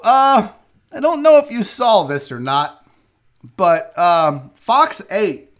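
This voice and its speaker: A man hosting a live sports talk show. He chats casually, jokes, and reads messages from viewers aloud. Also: a little high. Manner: loose, joking, reads chat messages aloud; slips into a put-on Southern gentleman drawl. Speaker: sports radio host.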